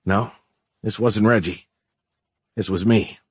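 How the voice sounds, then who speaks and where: A man voicing a weary adult businessman husband who is earnest and dryly playful, speaking in an understated, soft-spoken way. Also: lowish voice, steady tone, takes it slowly, slightly rough, dry recording, heavily acted. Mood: teasing.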